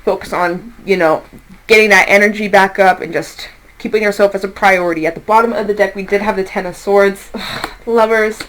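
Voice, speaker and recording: A woman's voice: medium pitch, slight background noise, rough recording. Woman, tarot reader, casual chat, chatty, reassuring. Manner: chatty, laughs, swears lightly, reassuring.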